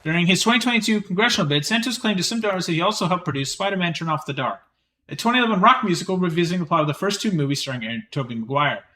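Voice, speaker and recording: A man's voice: high voice, animated, pushed and bright. A man streaming live, reading an article aloud and breaking off for casual, chatty asides. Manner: quick chatty reading with many fillers and restarts.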